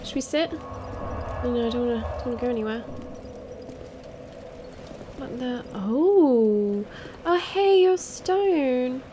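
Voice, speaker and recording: A woman doing excitable, jumpy commentary while playing a game. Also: high voice, slow, long pauses, background noise. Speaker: gaming streamer. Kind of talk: let's play commentary.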